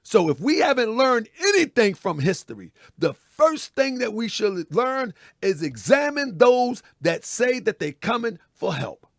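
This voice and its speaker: High-voiced man preaching to his viewers. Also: sing-song, a little slow, hardly any pauses, no echo, studio quality. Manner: preachy, repeats phrases, asks "you know what I mean?"; addresses viewers as family. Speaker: host. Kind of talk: live online commentary show.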